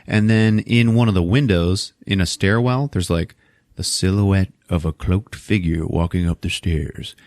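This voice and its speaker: A man's voice: low-pitched, measured pace, no room sound. A man hosting a podcast, casually retelling a movie plot with lots of swearing. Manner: animated, profane storytelling. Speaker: podcast host.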